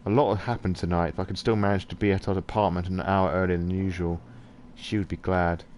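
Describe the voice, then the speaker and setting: A man's voice: deep voice, little pitch movement, fast, darkish tone, a little hiss or hum. A male podcast host casually reading a visual novel aloud on a live stream, with profane, wry asides.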